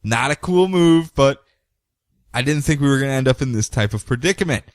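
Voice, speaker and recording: A man's voice: mid-range voice, animated, a little fast, no room sound, clean studio sound, close to an everyday voice. A man voicing a cynical male sorcerer who gripes and complains in a whiny, sarcastic way. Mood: griping. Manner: griping, complaining.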